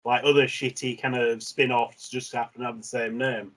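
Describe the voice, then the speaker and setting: A man's voice: medium pitch, flat delivery, normal speed, fairly bright tone. A man as a guest in a casual chat, hesitant and blunt with many fillers.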